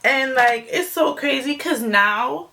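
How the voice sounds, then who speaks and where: A woman's voice: sits high, lively intonation, takes it slowly, gravelly, bright, forceful tone. A young woman telling a personal story on her own channel in a casual, emotional, rambling way, with many fillers. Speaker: vlogger.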